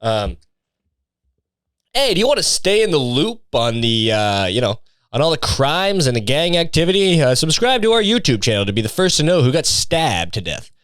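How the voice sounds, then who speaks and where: A man's voice: a little high, big pitch swings, normal speed, a bit bright, smooth, dry recording, clean studio sound. A man mocking a smarmy cheery news anchor. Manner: mock-cheery, sarcastic.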